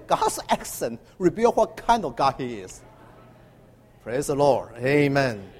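High lively preacher in a reverberant hall. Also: male voice. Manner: halting with many uh fillers, emphatic call-and-response. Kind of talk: sermon.

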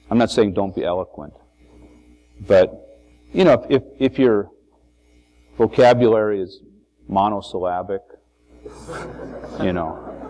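A man's voice: fairly low pitch, darkish tone. Guy preaching a laid back sermon, lots of "you know", asks the crowd questions. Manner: conversational, frequent "you know" and restarts, rhetorical questions. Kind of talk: informal sermon to a congregation. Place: meeting hall with a congregation.

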